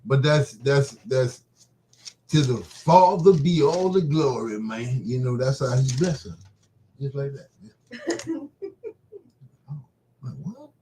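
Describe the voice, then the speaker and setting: A man's voice: medium pitch, expressive, takes it slowly, pauses often, dark tone, slight background noise, low-quality recording. Laid-back man chatting and reading scripture. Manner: loose, laughing, talks to viewers as "man". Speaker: live stream host. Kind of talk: casual chat and Bible reading.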